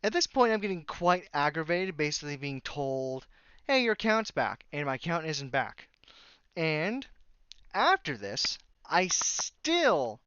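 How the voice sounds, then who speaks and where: A man's voice: on the high side, big pitch swings, measured pace, a bit bright, clear, resonant tone, no room sound, lo-fi sound. A man telling a rambling story in a casual vlog, sarcastic and exasperated as he goes. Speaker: YouTuber.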